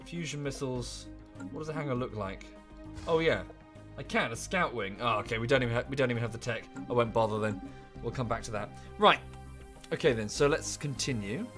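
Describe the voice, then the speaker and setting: Male streamer, casual and rambling desk-mic commentary, mid pitch, soft music bed. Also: a little fast. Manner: chatty and rambling, with offhand asides. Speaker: game streamer.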